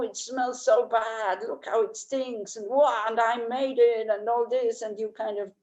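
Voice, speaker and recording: A woman's voice: medium pitch, low-quality recording. A woman teaching a Buddhist class, talking in a conversational way and often checking in with tag questions while she answers listeners' questions.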